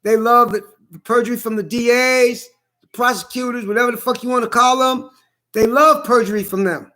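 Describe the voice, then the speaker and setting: A man's voice: very high voice, fairly quick, sharp tone. A middle-aged man in a blunt, profane ranting monologue who hammers the same points again and again.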